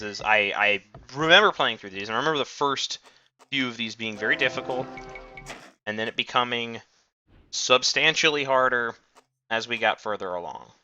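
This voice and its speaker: A man giving casual, rambling let's-play commentary, swearing often and mocking himself. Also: medium pitch. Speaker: gamer. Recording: noisy recording.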